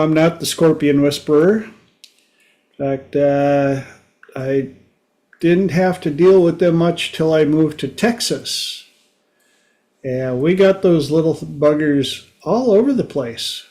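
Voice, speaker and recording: Folksy guy host, slow easygoing delivery, pitch a bit up, rambling stories. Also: a little mellow. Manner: folksy, unhurried, storytelling. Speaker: podcast host. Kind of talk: casual monologue.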